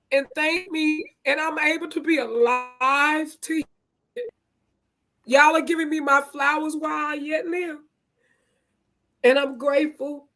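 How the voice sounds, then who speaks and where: A woman's voice: sits high, fairly bright tone. A woman, the CEO of a nonprofit, giving a heartfelt, emotional thank-you over a video call.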